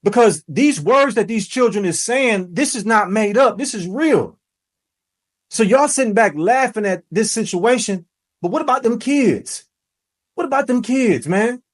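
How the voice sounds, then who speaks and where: Guy with a high voice doing a fired-up commentary, preachy, gets shouty. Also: expressive, unhurried. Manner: preachy, emphatic, rising to shouts. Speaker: commentary host. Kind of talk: impassioned reaction commentary.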